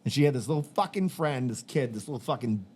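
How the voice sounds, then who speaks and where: Fast-talking and animated, this Massachusetts podcast host has a medium-pitched, husky, darkish voice. On his casual show he tells profane, rambling stories and acts out quotes from the people involved.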